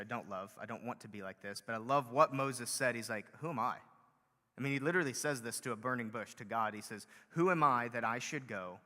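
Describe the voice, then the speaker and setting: A male pastor gives a sermon in a loose, conversational way, dotted with fillers and rising into emphatic stretches. His voice is bright and forceful. The sound carries a long hall reverb. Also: mid-range voice. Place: church hall.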